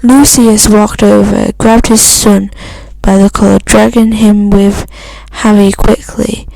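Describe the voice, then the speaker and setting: Halting woman reading a fan story. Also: medium pitch, flat delivery, creaky, mellow, no echo, rough recording. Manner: halting reading with frequent restarts. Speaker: fan fiction reader.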